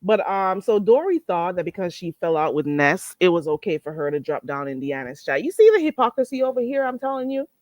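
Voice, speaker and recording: A woman's voice: on the low side, very animated, a little fast, hardly any pauses, darkish tone, no room sound. A woman hosting a casual livestream, recapping drama with blunt, profane commentary and frequent laughter at her own story. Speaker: livestream host.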